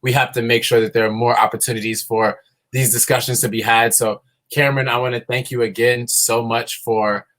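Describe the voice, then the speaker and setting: A man hosting a casual live show, halting with many fillers and restarts. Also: mid-range voice, little pitch movement, fairly bright tone. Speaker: livestream host.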